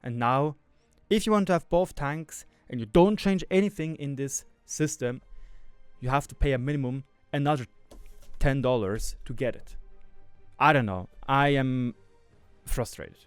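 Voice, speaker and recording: Here a male gaming YouTuber swears and rants angrily, circling back to the same complaints over and over. He speaks at an unhurried pace with a medium pitch and clean tone, on a dry recording with soft music underneath.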